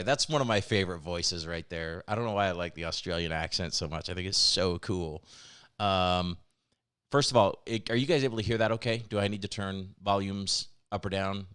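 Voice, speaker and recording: A man's voice: deep voice, brisk, a bit bright, smooth. A man hosting a weekly developer livestream, talking chattily and enthusiastically in casual announcements, often laughing. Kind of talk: casual live-cast announcements.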